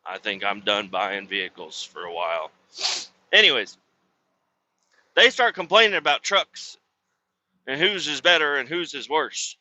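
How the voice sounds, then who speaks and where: Male podcast host, casual crude storyteller, slightly high voice. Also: sharp tone, lo-fi sound. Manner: crude, rambling storyteller with swearing.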